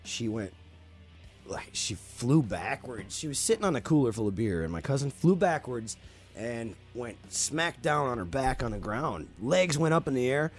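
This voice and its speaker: Profane, animated man telling a story. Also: mid-range voice, moderate pace, faint music behind. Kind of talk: casual storytelling chat.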